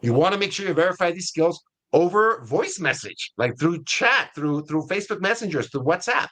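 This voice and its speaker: With a high-pitched voice, lively intonation, and a moderate pace, this slightly bright-sounding man is a webinar interview guest. He is CEO of an ISA staffing firm and explains things casually, checking in frequently with "right?" and "okay?"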